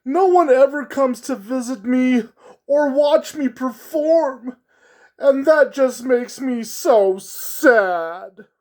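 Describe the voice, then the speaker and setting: A lonely circus clown speaks in a high, wavering voice that keeps breaking toward tears. He whimpers and pleads, slow and forlorn. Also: darkish tone. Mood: sorrowful. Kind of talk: storytelling with voices.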